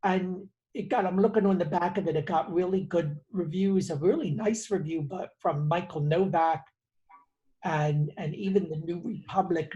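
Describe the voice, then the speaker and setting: A man with a soft, mellow voice talks casually as a co-host. He often stumbles over and repeats his words while he gathers his thoughts, and the talk stays relaxed. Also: sits high. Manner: hesitant, repeats words while searching for them. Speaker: co-host, PR professional. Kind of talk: casual conversation.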